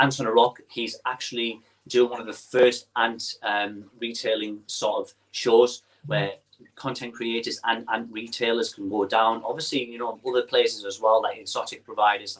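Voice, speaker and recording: Young man, Teesside accent, friendly livestream host reading chat aloud, casual and rambling. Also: lowish voice. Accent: Teesside English. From northeast England. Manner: chatty, reads comments aloud, lots of ums.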